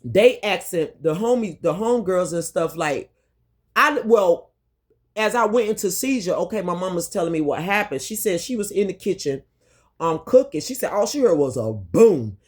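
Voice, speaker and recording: A woman's voice: lowish voice, expressive, normal speed. A woman vlogger telling a personal story to her viewers, candid and emphatic, swearing freely and repeating herself for emphasis. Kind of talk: storytime monologue to camera.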